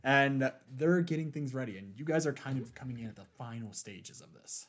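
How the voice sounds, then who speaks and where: Male game master, mid-pitched, loose and chatty narration full of ums. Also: fairly quick. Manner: relaxed, filler-heavy storytelling.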